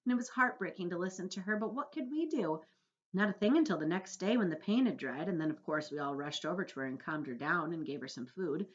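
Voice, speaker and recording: A woman's voice: lowish voice, expressive, quick pace, lo-fi sound, lightly acted. A woman voicing a prim, tearful female spider in a storybook read-aloud, telling a sad tale dramatically.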